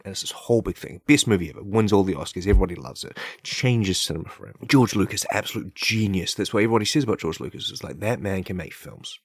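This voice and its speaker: A podcast host with a fairly low, husky voice rattles through a comedic monologue fast, barely pausing. He riffs loosely with plenty of "like" and rhetorical "right?", praising silly ideas with deadpan, mock-earnest sincerity. His podcast mic sounds close and dry, with no room sound.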